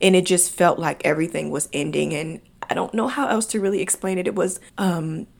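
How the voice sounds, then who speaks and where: Young female podcast host, low voice with vocal fry, emotional personal storytelling. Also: quick pace. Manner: emotional, chatty, addresses listeners as y'all.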